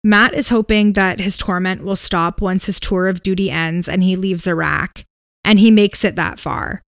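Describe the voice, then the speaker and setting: A woman's voice: mid-range voice, normal speed, vocal fry, no room sound. Dry-voiced woman telling a spooky story. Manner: relaxed retelling with fillers and hedges. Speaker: podcast co-host.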